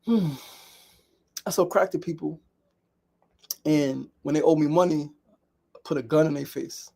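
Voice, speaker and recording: New man, gravelly and slightly high, candid repetitive storyteller hosting a solo daily talk. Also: measured pace, dark tone. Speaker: daily show host. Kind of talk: reflective solo monologue.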